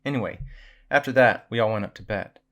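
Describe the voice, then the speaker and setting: Low-voiced man reading spooky tales. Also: fairly quick, a bit bright. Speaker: storyteller. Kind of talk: reading horror stories aloud.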